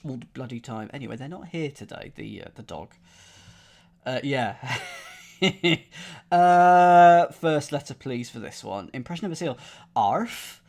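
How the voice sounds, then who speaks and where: A man streams himself working through a crossword, thinking aloud as he goes. His voice swings up and down in a lively way, and he shifts between playful asides and quiet muttering to himself. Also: medium pitch, measured pace, gravelly. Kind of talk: live-stream puzzle solving, thinking aloud.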